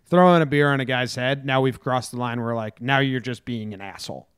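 A young man talking sports in a mid-pitched voice, often hesitant and full of fillers. The sound is dry and close. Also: a little fast, a bit bright, clean tone, no room sound. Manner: chatty, hesitant with many fillers. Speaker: sports podcast co-host. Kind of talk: casual sports chat.

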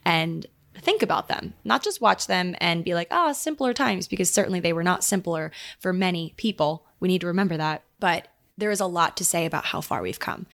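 A young woman hosts her own podcast in a relaxed, chatty way. Her voice sits a little low, and she laughs often, with plenty of fillers. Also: a little fast. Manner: chatty, giggly, many fillers. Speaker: podcast host. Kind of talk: casual chat.

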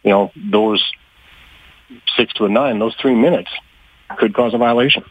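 A man with a fairly low, husky voice answers interview questions over a dull, muffled line. He talks haltingly, stacking fillers and restarts, and sounds a little short of breath. The sound is close and dry, with no room around it. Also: dry recording. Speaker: trucking industry guest.

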